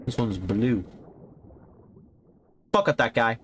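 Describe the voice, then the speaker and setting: A man giving casual, profane commentary while streaming a video game, reacting loudly when surprised. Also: medium pitch, takes it slowly, slight background noise. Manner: swearing, animated, jumps to yelps when surprised. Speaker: gaming streamer.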